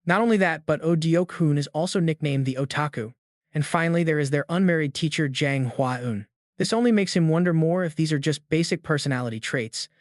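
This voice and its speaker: A man reading a scripted story recap in a steady storytelling voice. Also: a little high, no room sound, studio quality. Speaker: recap narrator. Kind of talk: scripted narration.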